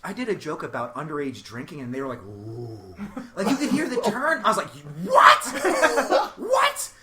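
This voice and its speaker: A man's voice: a little high, big pitch swings, fairly quick, crowd noise. A young man, a stand-up comedian, telling stories on a podcast, acting out voices and swearing freely. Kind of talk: casual chat, comic storytelling.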